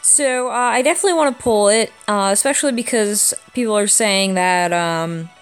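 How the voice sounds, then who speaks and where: This is a young woman sounding congested and stuffy from a cold, chatting casually on her gaming channel. She explains how the game works in a relaxed, friendly way, at a mid-range pitch for a woman. Faint music plays quietly in the background. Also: moderate pace, smooth. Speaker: YouTube gaming channel host. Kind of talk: casual gacha-game commentary.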